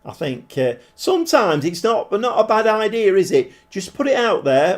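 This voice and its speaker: A man's voice: high-pitched, very animated, moderate pace, few pauses. A man casually commentating while live-streaming a football management game and chatting with viewers, swearing mildly along the way. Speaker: game livestreamer.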